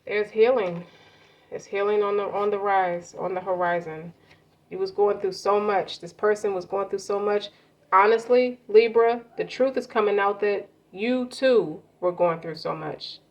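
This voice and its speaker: A woman's voice: mid-range voice, a little slow. A woman giving a casual tarot card reading, talking loosely with slang and swearing. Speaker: tarot reader. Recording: muffled lo-fi audio with faint noise.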